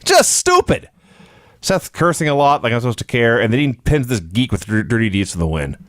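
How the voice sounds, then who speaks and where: Scornful man with an animated voice. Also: mid-range voice, fast talker, no echo, studio quality. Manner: scornful, mocks lines in loud put-on shouts. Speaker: podcast co-host. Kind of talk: casual profane wrestling review chat.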